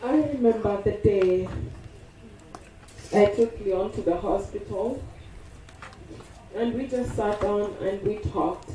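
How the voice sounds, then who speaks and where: Slow, mellow woman giving a eulogy. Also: medium pitch, slight background noise. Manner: tender, reminiscing, quoting loved ones. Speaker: eulogy speaker, partner of the deceased. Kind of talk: funeral tribute speech. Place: funeral service venue. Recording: echoey hall from far off.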